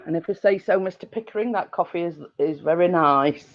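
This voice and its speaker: Hosting her channel's live stream from the living room at home, a middle-aged woman rambles casually, full of fillers and giggles. She talks a little fast at a fairly low pitch, in a dull lo-fi home recording.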